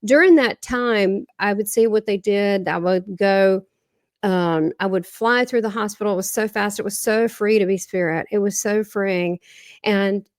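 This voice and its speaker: A woman's voice: mid-range voice, a little slow, no room sound, studio quality. A woman with a Southern American accent, a guest medium earnestly recounting a near-death experience in a rambling way, often restarting her sentences.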